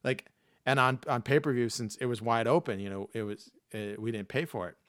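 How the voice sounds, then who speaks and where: A man rambles through a casual podcast chat, cursing freely as he goes. His voice is bright and crisp, recorded dry and close with no room sound. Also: mid-range voice, brisk, dry recording. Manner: profane, rambling, slips into loud mock Boston voices. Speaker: podcast co-host.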